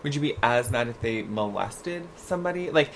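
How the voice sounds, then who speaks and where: A man co-hosts a casual podcast chat at an average pitch. His reactions are animated and emphatic. He jumps in freely with strong opinions. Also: normal speed, vocal fry, a little hiss or hum. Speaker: podcast co-host.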